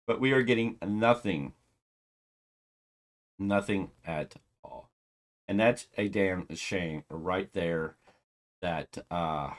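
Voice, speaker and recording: In a deep voice, a man reviews a wrestling show as casual commentary. He rants in exasperation, tosses in sarcastic asides, and swings from loud to muttering.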